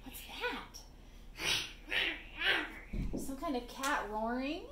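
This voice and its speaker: A woman reading a picture book to children, singing its refrains in a slow, gently playful sing-song voice. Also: sits high, animated. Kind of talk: sung storybook read-aloud. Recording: roomy echo, faint background hiss.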